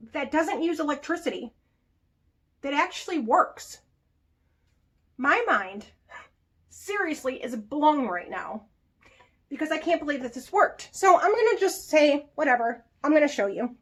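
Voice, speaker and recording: Woman vlogger, young adult, high-pitched and chatty, reviewing products casually. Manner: chatty and animated, with laughs.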